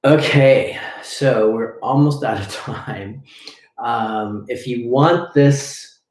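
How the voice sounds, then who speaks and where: In an echoey room, a breathing coach leads a live lesson, demonstrating drills as he explains and often checking in with "okay?". His mid-range voice is darkish in tone and very slow.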